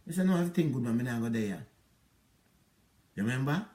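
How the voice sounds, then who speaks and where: Animated and fast-talking, this middle-aged Jamaican man has a warm, mid-range tone. He spins a rambling, aggrieved story of a past relationship in a patois-inflected monologue.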